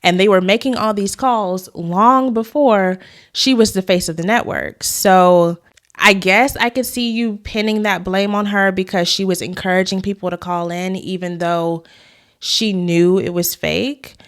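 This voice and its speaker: A woman's voice: medium pitch, steady tone, a little slow. A woman hosting a commentary vlog, talking conversationally and giving her opinions straight to the viewers. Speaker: YouTube host.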